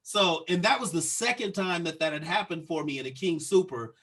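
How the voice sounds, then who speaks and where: Husky profane man telling a story. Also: fairly high pitch, brisk. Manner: profane, animated storyteller acting out dialogue. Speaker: podcast co-host. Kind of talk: casual storytelling chat.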